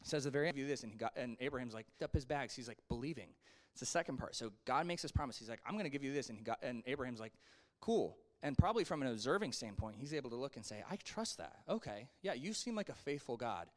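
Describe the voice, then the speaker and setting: A man leading a relaxed Sunday school class in an easygoing, conversational voice of middling pitch. He keeps it animated, leaping up and down in pitch when he acts out a line and slipping in little asides to his listeners. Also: racing. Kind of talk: casual Bible lesson.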